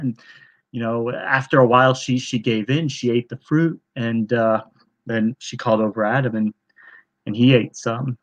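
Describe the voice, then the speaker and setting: A man's voice: mid-range voice, normal speed, a bit bright. Rambling sarcastic man retelling a story. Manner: sarcastic, rambling with many fillers. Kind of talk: mock-earnest retelling.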